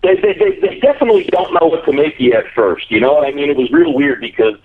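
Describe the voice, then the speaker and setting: A man's voice: a little high, sing-song, fast talker, narrow, tinny audio, slight background noise. A man with a New Jersey accent, guesting on a show and telling rambling, profane stories. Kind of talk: casual chat.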